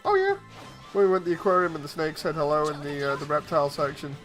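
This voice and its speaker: A man's voice: fairly high pitch, expressive, quick pace, a bit bright, faint music behind. A man streaming, telling amused anecdotes in casual chat and chuckling often.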